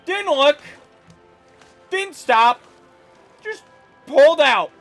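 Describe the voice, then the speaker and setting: A man's voice: extremely high pitch, lively intonation, very slow, fairly bright tone, faint music behind. A man chatting casually while playing a game, jokey and playful as he tells stories. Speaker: co-host. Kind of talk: casual gaming chat.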